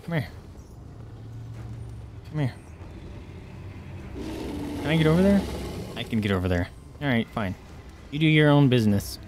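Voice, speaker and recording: A man's voice: mid-range voice, lively intonation, normal speed, pauses often, darkish tone, a little hiss or hum. A man streaming a video game, commenting live, shifting from muttered asides to startled yelps and swearing. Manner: jittery, swings between mumbling and startled yelps. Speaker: gaming streamer.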